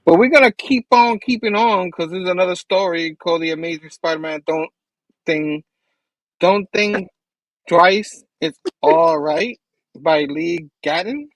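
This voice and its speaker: A man co-hosting a casual comic book review chat, laid-back and quick to laugh. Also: fairly high pitch, a bit bright, no room sound, poor audio. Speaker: show host.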